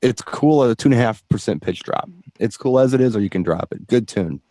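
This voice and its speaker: A man's voice: fairly low pitch, expressive, a little fast, mellow, no room sound. Man, DJ co-host, casual chat, enthusiastic, rambling, dry.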